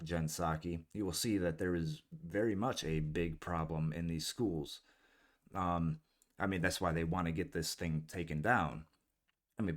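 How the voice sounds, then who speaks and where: A man hosting casual political commentary in a blunt, scornful and profane way. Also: low-pitched. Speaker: political commentary channel host.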